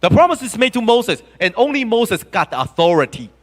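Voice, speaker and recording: A male preacher delivering a sermon in a church, with a fairly high voice that swings widely in pitch. He tells the story with animated energy and keeps asking the congregation questions. A long church-hall reverb trails behind every phrase. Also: fairly quick.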